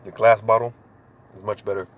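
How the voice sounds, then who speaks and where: A man reading scripture and explaining it in a relaxed, slangy way, full of casual fillers. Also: fairly low pitch, brisk, lo-fi sound. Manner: laid-back, slangy, full of "man" and "you know" fillers. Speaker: scripture teacher. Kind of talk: informal scripture reading and commentary.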